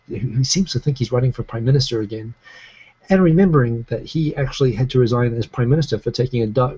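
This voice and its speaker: A man's voice: medium pitch, mellow, breathy edge, lo-fi sound. A man from New Zealand with a New Zealand accent, hosting a casual live stream, chatting and reading out viewer comments in a rambling way with many restarts. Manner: rambling, frequent restarts and fillers. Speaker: live stream talk show host. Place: home in Tokyo.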